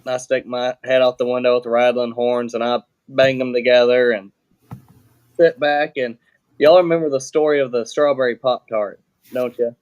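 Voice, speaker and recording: A man's voice: mid-range voice, moderate pace, smooth, dull audio. A man talking as a podcast guest, telling a story in a loose, plainspoken way with lots of fillers and restarts and the odd swear word. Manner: relaxed, plainspoken, swears casually. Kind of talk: casual storytelling.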